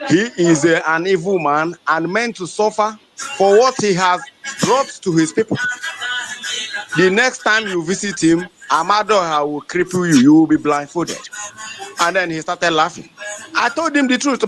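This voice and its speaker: Male activist speaker, high-pitched, fiery and repetitive, phone mic over background music. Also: poor audio. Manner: fiery, defiant, repetitive, at times shouting. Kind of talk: impassioned live-audio rant.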